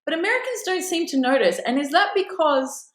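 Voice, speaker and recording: A woman's voice: high voice, fairly quick, echoey room, low-quality recording. An Australian woman guesting on a podcast, telling stories animatedly and acting out what others said. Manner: animated storytelling, acts out quoted voices. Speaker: actress, guest. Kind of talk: casual interview, anecdote telling.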